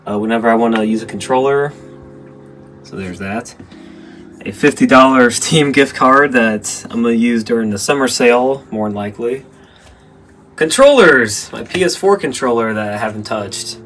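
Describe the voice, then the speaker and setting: A man's voice: mid-range voice, a bit bright. Rambling young man giving a room tour. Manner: rambling, self-correcting, offhand. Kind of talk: casual room-tour narration. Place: his bedroom.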